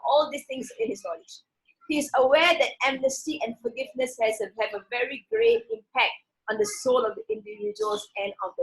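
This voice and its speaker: In a low-quality recording, a woman with a high-sitting voice reads Arabic words from a Quran passage slowly and emphatically. She then explains them casually, restarting often.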